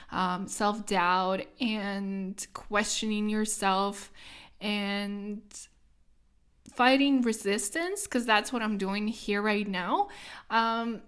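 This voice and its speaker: A young woman whose first language is Russian chats her way through a solo podcast. Her voice sits slightly high, and she rambles on with plenty of fillers and casual asides. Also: a bit bright, clean tone. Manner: chatty, rambling, lots of fillers. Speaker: podcast host.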